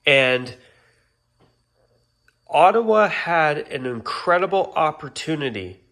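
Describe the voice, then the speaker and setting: In a casual vlog rant, a YouTuber with a slightly high, fairly bright voice vents his exasperation to his channel's audience. Every so often he stops to apologize.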